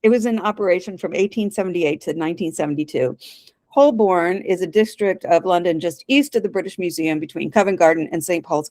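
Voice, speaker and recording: A woman's voice: on the low side, dry recording. A woman co-hosting a casual podcast, retelling a drama scene by scene and voicing its lines. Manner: reads scenes aloud with lively voiced quotes and laughs. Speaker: podcast co-host retelling an episode. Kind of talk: casual chat, acting out dialogue.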